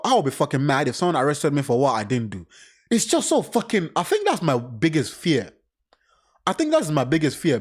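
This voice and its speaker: A man with a somewhat high voice doing casual reaction commentary on a crime case. He reads passages aloud, then breaks off into blunt, profanity-laden remarks. His talk is loose, animated and unscripted. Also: breathy edge. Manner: blunt, swears often, animated side remarks.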